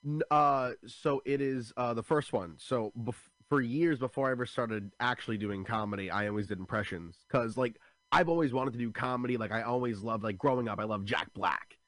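A young man who does stand-up comedy. He is a guest in an interview and tells animated stories with many restarts. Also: mid-range voice, a little fast, no room sound. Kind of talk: casual interview chat.

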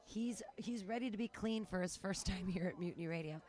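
A woman's voice: mid-range voice, a little fast. A woman hosting a comedy show, bubbly and giggly as she introduces the acts. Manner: bubbly, giggly, trails off quietly.

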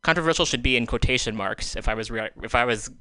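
A man's voice: medium pitch, quick pace, bright, forceful tone, no echo. A male radio host giving solo commentary in a studio, exasperated and sarcastic, swearing as he vents, speaking into a handheld microphone. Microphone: handheld microphone taken off the stand.

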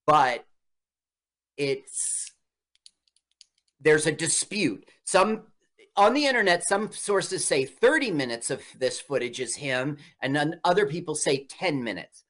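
A man's voice: fairly high pitch, lively intonation, takes it slowly, fairly bright tone. A man co-hosting a casual movie commentary, chatting through film history. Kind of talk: casual chat over a movie.

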